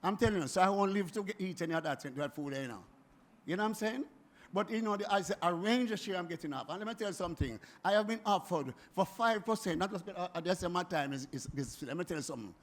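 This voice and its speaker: A Jamaican man in his seventies, speaking at a forum in an animated, emphatic way that keeps circling back and repeating itself. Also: high-pitched, fast talker. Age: 70s. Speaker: music producer speaking at a forum. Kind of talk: impassioned spoken address.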